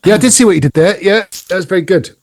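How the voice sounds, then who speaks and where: A man co-hosting a rock podcast, talking in a rambling, halting way with many restarts. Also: sits high, no echo. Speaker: podcast co-host. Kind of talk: casual chat.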